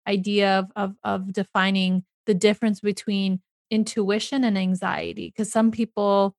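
A woman's voice: medium pitch, flat delivery, normal speed, no echo. Woman podcast host, therapist, chatty and hesitant, dry sound. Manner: hesitant, filler-heavy questions. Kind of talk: casual podcast conversation.

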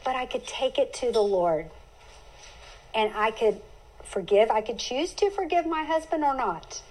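A woman's voice: on the high side, lively intonation, a little slow, darkish tone, low-quality recording. A middle-aged woman hosting a Bible teaching podcast, speaking earnestly and heartfelt, with homey turns of phrase.

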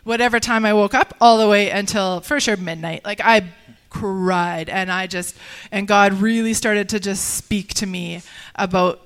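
A woman tells her personal faith story in an earnest, halting way, circling back and restarting her sentences. Her voice is smooth and clear, sitting at an ordinary middle pitch. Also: steady tone. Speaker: guest sharing a personal testimony. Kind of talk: personal testimony in conversation.

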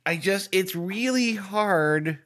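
A woman's voice: mid-range voice, slow, a bit bright. A woman co-hosting and playing a guessing game in casual banter, joking with dry self-mockery. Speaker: co-host and contestant.

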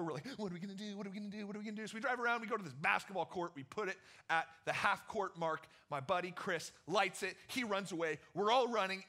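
Animated, bright-voiced young male youth pastor. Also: sits high. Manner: energetic, animated, jokey, acts out quotes. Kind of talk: casual storytelling sermon to teens.

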